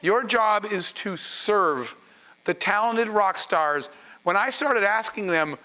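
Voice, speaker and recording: Bright, high-voiced storytelling man. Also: slow, rough recording. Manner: animated, acts out dialogue in anecdotes. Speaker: entrepreneur giving a masterclass. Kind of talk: storytelling business talk.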